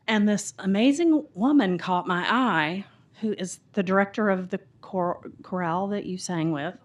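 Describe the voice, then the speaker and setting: A woman's voice: mid-range voice, normal speed. Chatty Southern-drawled woman telling a story. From Mississippi and Tennessee, US South. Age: middle-aged. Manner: chatty, rambling, animated storyteller acting out quotes. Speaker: audience member. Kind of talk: rambling personal story in a Q&A. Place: bookstore event room.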